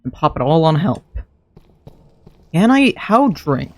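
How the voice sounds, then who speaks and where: A man's voice: a little high, very animated, slow. A man streaming a modded game, chatting casually and thinking aloud to himself as he plays. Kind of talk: casual gameplay commentary.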